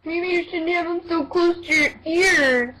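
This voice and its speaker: A woman's voice: very high-pitched, measured pace, sharp tone, rough recording. A woman in an online argument, sarcastic and cutting.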